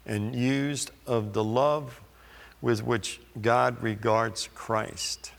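A man preaching a sermon, reading scripture slowly and deliberately with pauses. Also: medium pitch, fairly even intonation, vocal fry, big-room sound.

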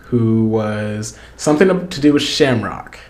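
A man's voice: on the low side, animated, a little slow, a little mellow. A man co-hosting a podcast in casual chat, joking and loose with fillers. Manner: chatty, joking, lots of fillers. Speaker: podcast co-host.

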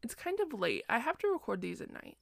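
A woman's voice: on the high side, very animated, fairly quick, gravelly, no room sound, clean studio sound. A sleepy young woman recapping a book in a chatty, self-deprecating, digressive way, recorded at home at night. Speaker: podcast host.

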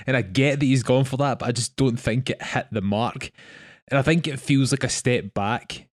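A young man co-hosting a casual film podcast, talking in a measured, hesitant way. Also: medium pitch, dry recording, clean studio sound. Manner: measured, hesitant, many fillers. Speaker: podcast co-host.

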